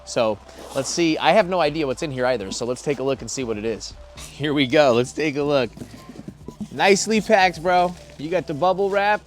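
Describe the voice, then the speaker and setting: A man hosting his plant channel in a casual unboxing vlog, excitable and sprinkling "dude" and "bro" through his talk. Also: fairly high pitch, normal speed, soft background music.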